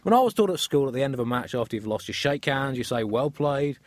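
Deadpan British man with comic outbursts. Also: medium pitch, rapid-fire, dry recording. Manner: dry, deadpan delivery with bursts of mock outrage. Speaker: comedy podcast host. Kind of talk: satirical comedy banter.

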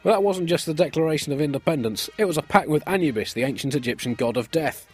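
A man's voice: fairly high pitch, expressive, fast, breathy edge, soft background music. A man voicing a cheerful, crafty ninety-one-year-old former president in a comic sketch, talking in a matey, breezy way.

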